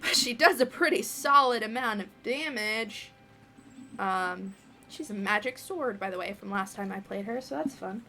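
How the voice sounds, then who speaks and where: A woman running a tabletop game as game master, narrating the action in an animated way with frequent fillers. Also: medium pitch, moderate pace.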